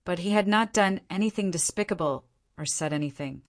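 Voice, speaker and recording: A woman narrating a translated novel audiobook in a steady storytelling manner. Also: on the low side, a little fast. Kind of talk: scripted narration.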